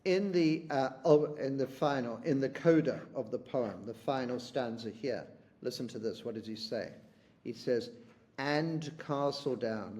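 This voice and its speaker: A man teaching a poetry lesson. He talks to his students and keeps asking "isn't it?", and he reads the quoted lines slowly. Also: mid-range voice, a little mellow. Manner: rhetorical tag questions.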